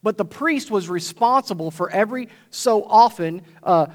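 A man's voice: high-pitched, lively intonation, normal speed. A male pastor preaching a sermon to his congregation in a conversational way, often checking in with "right?". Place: church before a congregation.

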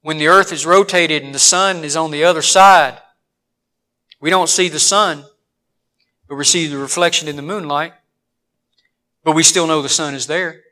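A man preaching a sermon in a church, telling folksy stories that suddenly rise loud. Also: on the high side.

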